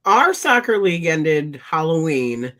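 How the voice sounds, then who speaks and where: A man's voice: a little high, very animated, a little slow, pushed and bright. A man on a parenting talk panel, joking and chatting casually about family life. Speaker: podcast panelist. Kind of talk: casual chat.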